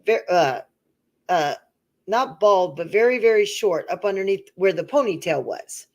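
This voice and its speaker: A middle-aged woman co-hosting a casual chat tells a long personal story at an unhurried pace in a medium-pitched voice. She's an animated storyteller who acts out the voices of the people she quotes.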